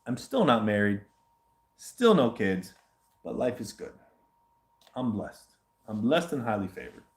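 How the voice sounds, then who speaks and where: Rambling, animated man in an echoey room. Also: fairly low pitch, unhurried. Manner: rambling, animated, swears often. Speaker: host answering viewer questions. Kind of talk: casual livestream chat.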